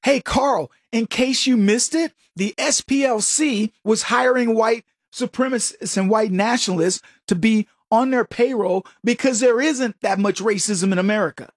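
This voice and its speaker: A man's voice: sits high, moderate pace, hardly any pauses, no room sound, studio quality. A middle-aged man hosting a show, giving an opinionated, sarcastic and preachy monologue to listeners he calls folks. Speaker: political commentary host.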